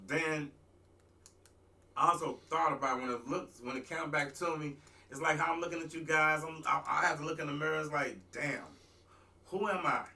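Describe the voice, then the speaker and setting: A man, a talk show host, telling a rambling, animated story in a casual talk-radio monologue. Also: on the high side, moderate pace, far from the mic. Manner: rambling, animated, restarts and asides.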